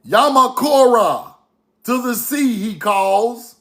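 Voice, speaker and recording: An online history commentator talks casually to his viewers in a high, animated, fairly bright voice that is slow and creaky, with frequent pauses. He is emphatic and repetitive, often asking rhetorical questions like "right?"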